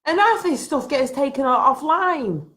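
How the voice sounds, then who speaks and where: A high-pitched woman vents straight to camera in a vlog from home. She sounds frustrated and emphatic, circling back to the same points again and again. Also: big pitch swings, moderate pace, fairly bright tone. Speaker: vlogger. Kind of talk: impassioned rant to camera. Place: at home, having just got out of bed.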